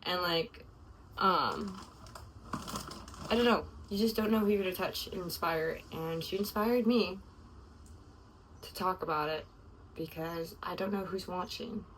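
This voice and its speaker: A woman's voice: on the low side, unhurried, long pauses, fairly bright tone, far from the mic, slight background noise, poor audio. A young woman sharing a casual, confessional video diary, emotional and rambling, her thoughts full of "like". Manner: emotional, rambling, heavy use of "like". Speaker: vlogger.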